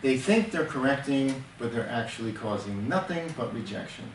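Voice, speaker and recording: Mid-pitched, expressive, and moderately paced, an older temperament counselor teaches earnestly in a counseling session, leaning on homely examples and pausing to restart his thoughts. He sits back from the mic in a roomy, echoing space with a faint hiss underneath.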